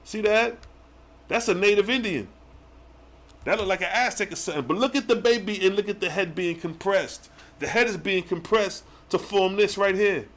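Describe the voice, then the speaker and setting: A man hosting a live religious stream, reading verses slowly and then breaking into excited slang commentary with rhetorical questions. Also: sits high. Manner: challenges the listeners with rhetorical questions. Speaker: religious livestream host. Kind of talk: live scripture teaching.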